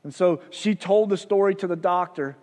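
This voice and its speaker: A male pastor preaching a sermon, telling a story with soft, hushed passages and loud rises. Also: high-pitched, normal speed. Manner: storytelling, dropping soft for drama and rising loud. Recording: long hall reverb.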